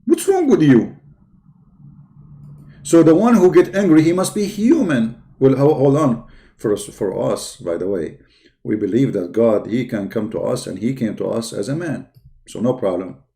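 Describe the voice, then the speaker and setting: A man's voice: mid-range voice, lively intonation, moderate pace, vocal fry, warm tone. A man hosting a live stream, taunting and challenging viewers to call in. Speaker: live stream debate host. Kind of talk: mocking live stream talk.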